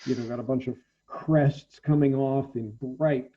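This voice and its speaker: A man narrating as the game master of a tabletop role-playing game, halting and full of ums as he describes the scene. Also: mid-range voice, fairly even intonation, mellow, highs cut off.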